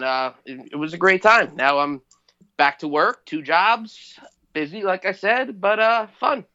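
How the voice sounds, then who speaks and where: A man's voice: on the high side, pushed and bright, dull audio. A man from New Jersey co-hosting a podcast, chatting in a rambling, upbeat way with lots of fillers. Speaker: podcast co-host. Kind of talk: casual podcast chat.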